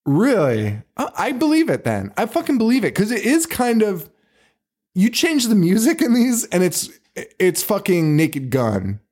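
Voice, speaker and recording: A man's voice: high voice, measured pace, slightly rough. A man hosting a podcast, chatting casually about a movie, swearing freely and laughing often. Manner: profane, excitable, laughs often. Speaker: podcast host.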